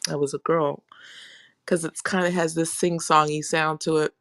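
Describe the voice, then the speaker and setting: A woman in her fifties with a somewhat low voice, recorded close and dry with no room around it. She chats casually over a video call and tells a funny family story, laughing often between her words. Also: level tone, normal speed, a bit bright, no echo. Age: 50s.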